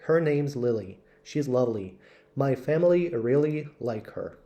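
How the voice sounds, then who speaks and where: A man's voice: medium pitch, expressive, mellow, muffled recording. Man reading English lessons aloud. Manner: slow, careful read-aloud delivery. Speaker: English teacher. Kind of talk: reading textbook passages aloud.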